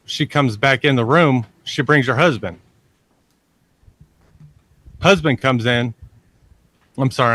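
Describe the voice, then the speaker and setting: Slow, rambling male storyteller. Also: medium pitch, a bit bright. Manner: rambling, repeats himself and curses freely. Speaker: guest storyteller. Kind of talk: casual storytelling on a podcast. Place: lives near a large army base in Texas.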